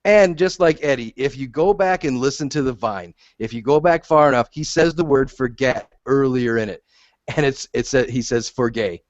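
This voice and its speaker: A man's voice: medium pitch, moderate pace, no echo. A man co-hosting a podcast, arguing bluntly and emphatically in casual, profane chat. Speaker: podcast co-host. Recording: dull lo-fi audio.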